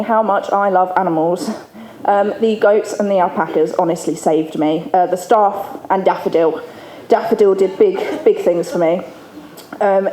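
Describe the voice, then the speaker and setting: A woman's voice: medium pitch, warm tone. A woman giving a candid, chatty recovery testimony to an audience, laughing often. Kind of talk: personal testimony speech to an audience. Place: event hall with an audience. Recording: echoey hall, faint room ambience.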